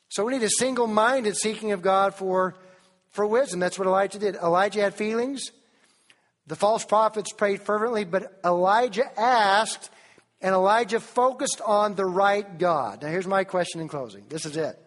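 A Tennessee preacher gives an animated sermon in a large hall, his high-pitched voice moving at a moderate pace. He keeps putting questions to the congregation and quotes King James scripture.

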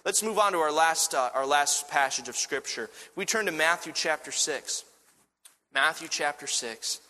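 A man preaching a sermon, telling a personal story with lively restarts and fillers before moving into a scripture reading. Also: on the high side, normal speed, big-room sound. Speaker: pastor.

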